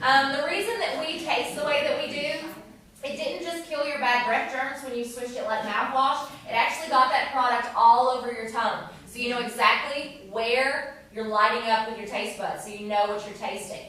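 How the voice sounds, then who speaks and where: A tour guide leads a tasting group and asks questions as she explains. Her voice sits a little high, and she talks with a cheerful, teaching manner. She was recorded from a distance in a very echoey room with a group murmuring around her. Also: normal speed, bright, forceful tone. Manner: upbeat and instructive, quizzes the group.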